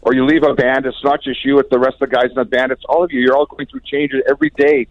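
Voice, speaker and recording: A man's voice: mid-range voice, little pitch movement, fast, no room sound. Older male guest, chatty storyteller, lo-fi dry interview audio. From Canada. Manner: chatty anecdotal storyteller, chuckles often. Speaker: guest musician. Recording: dry, dull lo-fi sound.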